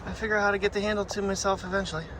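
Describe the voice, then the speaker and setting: A man's voice: fairly even intonation, rapid-fire. A man vlogging on a phone while he walks outdoors, chatting casually and rambling. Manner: chatty, rambling, coaxes his dog in a high voice. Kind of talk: casual vlog narration. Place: outdoors on a walk in a field and playground. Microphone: phone camera held in hand. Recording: noisy outdoor phone recording.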